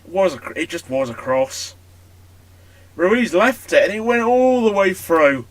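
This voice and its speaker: A man giving casual, chatty commentary over a football management game. He bursts into excited shouting at big moments. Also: high voice, unhurried. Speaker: gaming YouTuber.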